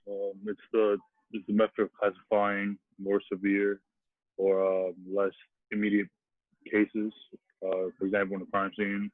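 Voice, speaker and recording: Male student answering in class: low, very flat delivery, halting. Dry, phone-like sound. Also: no echo. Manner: halting, hesitant. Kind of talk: answering a question in a class webinar. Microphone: video call.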